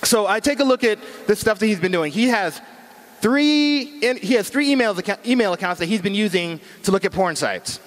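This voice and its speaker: High-voiced man joking through a safety talk. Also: animated, fairly quick, in a large hall. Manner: chatty, joking, uses slang. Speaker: speaker at a cyber safety talk. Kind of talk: casual talk to an audience.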